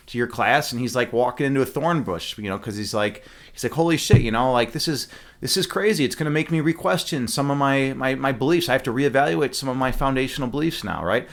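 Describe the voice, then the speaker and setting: A man's voice: mid-range voice, fairly bright tone. Guy streaming and chatting with his viewers, lots of ums and restarts, laughs at his own jokes. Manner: rambling, many fillers and restarts. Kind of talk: casual chat with live chat.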